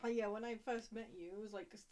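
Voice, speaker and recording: A woman's voice: fairly high pitch, fairly even intonation, quick pace, a little mellow. An English woman with an English accent, teasing and bantering as a co-host on a game stream. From England. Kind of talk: casual chat.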